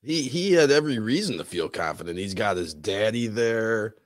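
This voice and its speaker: A man's voice: fairly low pitch, lively intonation, normal speed, no room sound, clean studio sound. A man co-hosting a podcast, laid-back and mostly agreeing with the host. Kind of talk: casual chat.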